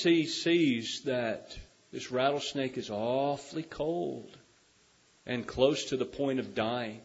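A man's voice: mid-range voice, breathy edge. A man preaching a sermon, telling a story and then making earnest, urgent appeals to his listeners. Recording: dull lo-fi recording.

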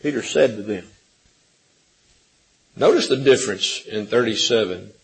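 A man preaching a sermon, swinging from loud pleading questions to hushed, gentle passages, calling listeners friends and repeating words as he builds. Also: lowish voice, animated, measured pace, vocal fry, breathy edge, rough recording. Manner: impassioned, rising and falling between loud pleading and hushed softness.

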